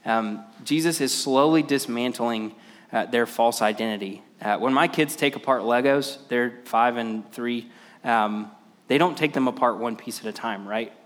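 The long reverb of a big hall carries this thirtysomething male pastor's mid-range voice as he preaches at a moderate pace. His delivery is halting, studded with "uh" and frequent restarts.

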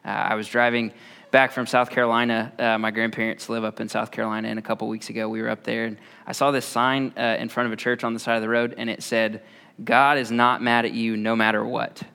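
Gravelly-voiced man preaching. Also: mid-range voice. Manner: relaxed, often pauses on "uh". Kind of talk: conversational sermon.

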